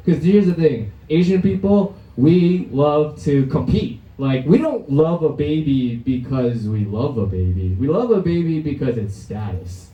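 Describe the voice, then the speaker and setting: A man's voice: on the high side, lively intonation, a little slow, hardly any pauses, highs cut off. Brash young man doing stand-up. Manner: brash, crude, laughing at his own jokes. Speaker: stand-up comedian. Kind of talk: stand-up set at an open mic. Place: comedy club stage. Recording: roomy live club sound from a distance.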